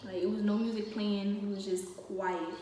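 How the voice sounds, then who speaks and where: A woman's voice: mid-range voice, little pitch movement, normal speed, dark tone. Young woman, chatty, in a very echoey room. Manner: chatty, with many fillers. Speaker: storyteller. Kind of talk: casual storytime vlog. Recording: very echoey room, distant mic, faint noise.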